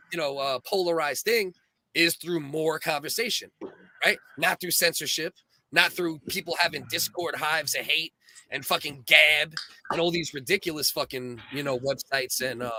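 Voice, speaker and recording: A man's voice: fairly high pitch, sharp tone, a little hiss or hum. A man co-hosting a casual chat, earnest and rambling, with many restarts. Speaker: podcast co-host.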